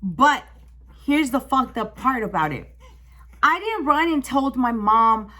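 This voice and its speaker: Young woman vlogger, emotional storytime, swears a lot, slightly high voice. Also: slow. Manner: emotional, swearing, animated retelling. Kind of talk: casual storytime.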